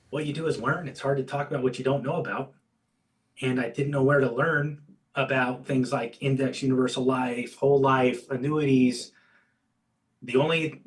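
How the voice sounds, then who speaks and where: A man telling his career story as an interview guest, candid and animated, acting out bits of dialogue. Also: mid-range voice, recorded from a distance, low-quality recording. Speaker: guest, insurance agency owner and coach.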